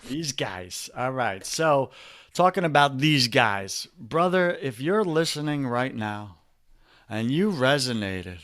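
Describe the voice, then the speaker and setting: A man with a New York accent, speaking as a podcast guest and men's coach in an energetic, preachy way, often calling the listener brother. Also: mid-range voice, slow, no room sound, studio quality. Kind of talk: energetic motivational talk.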